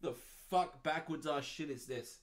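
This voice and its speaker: A man's voice: a little high, unhurried. A man in his twenties with an Australian accent hosting a podcast, ranting in a profane, exasperated and sarcastic way. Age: 20s. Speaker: podcast host.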